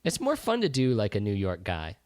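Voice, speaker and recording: A man's voice: fairly low pitch, huge pitch swings, a little fast, crowd noise. A man hosting a comedy movie recap podcast, narrating in a playful, theatrical way. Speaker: podcast host.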